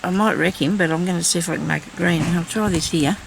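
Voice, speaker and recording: A woman's voice: lowish voice, fast talker, creaky, a little hiss or hum, poor audio. A woman chatting casually while she crafts, thinking aloud and talking to herself as she works. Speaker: crafting vlogger.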